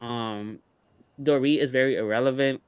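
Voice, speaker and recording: A man chats casually as he recaps a reality TV episode with a co-host. He talks in a loose, unhurried way, full of ums and likes. The sound is close and dry, with no room echo. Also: medium pitch, clean tone, lo-fi sound. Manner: relaxed, hesitant, many fillers. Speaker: podcast co-host.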